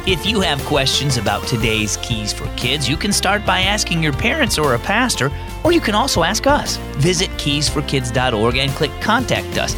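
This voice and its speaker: A man hosting a children's devotional program, reading scripted narration in a friendly, clear, measured way. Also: a little high, very animated, music in the background.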